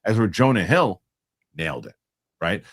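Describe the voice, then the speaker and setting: Man, show host, casual film chat, lively pitch, emphatic, repeats himself. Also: normal speed. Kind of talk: casual panel chat about films.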